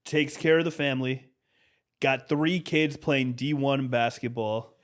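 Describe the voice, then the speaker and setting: A man's voice: medium pitch, fairly even intonation, measured pace. A man co-hosting a sports podcast, talking frankly and conversationally with lots of "bro" and "like". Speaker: podcast co-host. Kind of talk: casual sports chat.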